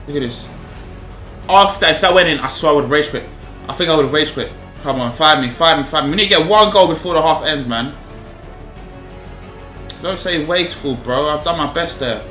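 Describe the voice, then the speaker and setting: Young guy begging his team on in a football game, fairly high voice, roomy echo. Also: normal speed. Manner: animated, pleading and exasperated, slangy. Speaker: gaming YouTuber. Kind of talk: live game commentary. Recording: echoey room with music behind.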